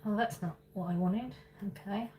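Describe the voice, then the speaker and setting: An Englishwoman in her thirties chats casually on a livestream, reading out viewer questions, thinking aloud, and laughing often. Her voice sits at a medium pitch with a dark tone, and she talks at normal speed. There's slight background noise.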